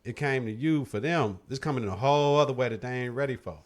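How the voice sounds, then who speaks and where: A man's voice: mid-range voice, fast talker. A man hosting a podcast, giving blunt, profane opinions in casual chat. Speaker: podcast host.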